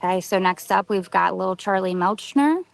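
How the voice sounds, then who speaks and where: A woman giving relaxed, chatty live-stream commentary at an outdoor event, with filler pauses. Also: mid-range voice, vocal fry, no echo, poor audio.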